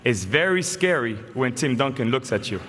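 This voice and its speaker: A man's voice: medium pitch, animated, moderate pace, background noise. French-accented man in his forties, acceptance speech, playful storyteller, long hall reverb, faint ambience. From France. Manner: joking, storytelling. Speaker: honoree giving an induction speech. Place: large hall.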